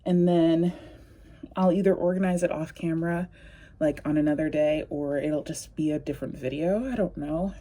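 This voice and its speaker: A woman's voice: low voice, moderate pace, warm tone. Chatty woman rambling about her books. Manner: rambling, chatty, with frequent fillers. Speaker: book vlogger. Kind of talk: casual chat.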